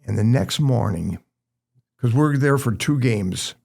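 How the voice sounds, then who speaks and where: An older man from the St. Louis area, a retired basketball referee, telling lively anecdotes as a podcast guest. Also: mid-range voice, unhurried, creaky. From St. Louis area, USA. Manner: lively anecdotal storyteller, acts out quotes. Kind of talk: casual storytelling chat.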